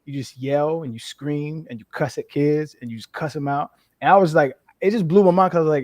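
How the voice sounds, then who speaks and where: A man in his thirties from New Mexico, a former football player, talking as an interview guest in a frank, profane way with lively storytelling. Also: on the high side, brisk, few pauses, no room sound, clean studio sound. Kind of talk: casual interview chat.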